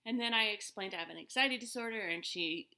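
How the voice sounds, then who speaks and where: Chatty lady rambling through a story, bright voice, lots of ums. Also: medium pitch, fast. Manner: chatty, rambling with many fillers and restarts. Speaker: vlogger telling a personal story. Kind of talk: casual storytelling.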